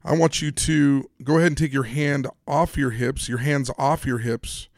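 A man's voice: medium pitch, fairly even intonation, moderate pace, no echo, studio quality. A man hosting a solo motivational podcast, upbeat and speaking straight to his listeners with questions and instructions. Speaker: podcast host.

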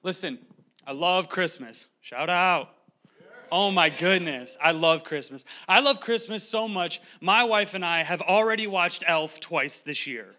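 A young man preaching from a church pulpit in a quick, joking, animated way, holding a handheld microphone. His voice sits high for a man and sounds bright and forceful. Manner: fast-talking, joking and animated. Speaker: guest preacher. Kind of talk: humorous sermon. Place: church sanctuary.

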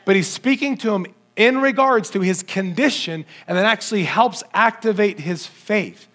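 A man with a high voice delivers a sermon, addressing his congregation directly and asking them questions. His delivery is animated, dropping low and climbing high to make a point. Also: moderate pace. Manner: animated, sweeping between low and high pitch when quoting scripture; audience-addressing with rhetorical questions. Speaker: preacher.

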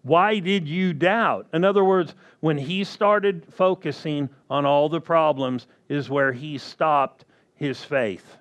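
A man preaching a sermon slowly and emphatically, often asking the congregation questions. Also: on the high side.

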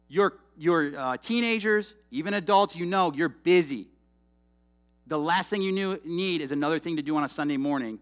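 A young man preaching a sermon in a casual, animated, conversational way, with frequent asides to the congregation. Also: fairly high pitch, a little fast.

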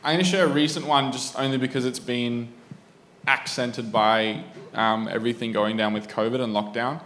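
A man in his thirties telling a recent personal story in a casual chat, relaxed and full of ums and uhs. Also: medium pitch, moderate pace, slight background noise. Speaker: guest sharing a testimony.

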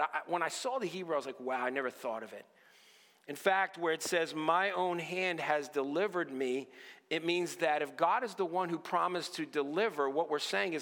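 A man preaching an earnest sermon, often dropping to a low hush on key lines. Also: normal speed, long reverb tail. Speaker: pastor.

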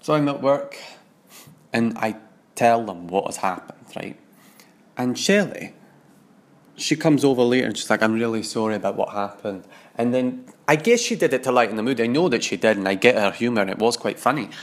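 A man's voice: mid-range voice, moderate pace. A man telling a first-person story in a wry, confiding way. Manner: wry, confiding, acts out other voices in quotes.

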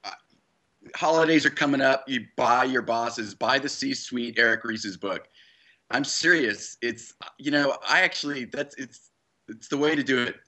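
A man on a conference panel giving a loose, joking answer that stops and restarts as he goes. His voice is bright and forward, at a middle pitch. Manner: joking, halting with fillers.

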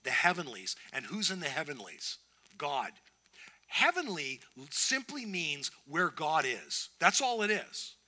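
Bright, emphatic male preacher. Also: fairly high pitch, huge pitch swings, unhurried. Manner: earnest, emphatic preaching with restarts. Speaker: pastor. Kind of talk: sermon.

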